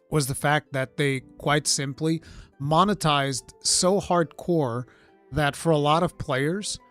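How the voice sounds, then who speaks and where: A man hosts a live gaming talk show with blunt, rambling and profane opinions. His voice sits a bit high for a man, and soft music plays in the background. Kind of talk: casual gaming commentary.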